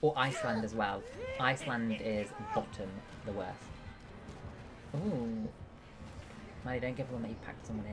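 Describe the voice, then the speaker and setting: A woman's voice: very deep voice, normal speed, pauses often, music in the background. A woman, streaming a game and chatting playfully with viewers as she reads the chat. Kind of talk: casual live-stream chat, reading and answering viewers.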